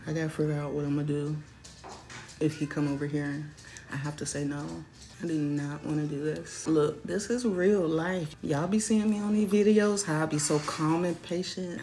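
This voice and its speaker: A woman vlogging at home as a mother, talking to her viewers and herself in an animated way and sometimes dropping to a whisper. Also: sits low, a little fast, soft background music. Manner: animated, talks to herself and the camera, drops to whispers. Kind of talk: casual vlog talk to viewers.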